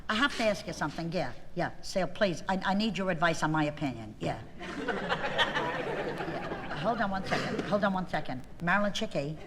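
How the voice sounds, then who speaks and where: Chatty mother with loud hissy echo. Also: animated, brisk, crowd noise. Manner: chatty, scolds her kids mid-call, sudden shrill yelling. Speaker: mother on the phone. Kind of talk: comic phone monologue. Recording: old recording with loud hiss and long reverb.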